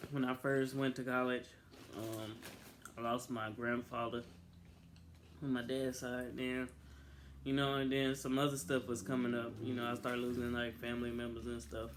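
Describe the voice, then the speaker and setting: Reserved young man, quiet. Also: medium pitch, a little hiss or hum. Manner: quiet, reserved, slightly hesitant. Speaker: co-host of couple channel. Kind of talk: casual couple chat.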